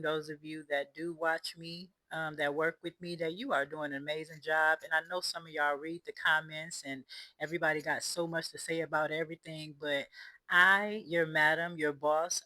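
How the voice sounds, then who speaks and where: A woman chats to her viewers from an outdoor building site. Her voice is bright and forward, picked up close and dry. She talks with emphasis and slides into pep-talk preaching. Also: low-pitched, no echo, rough recording. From United States. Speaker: vlogger and land developer. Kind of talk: casual vlog talk.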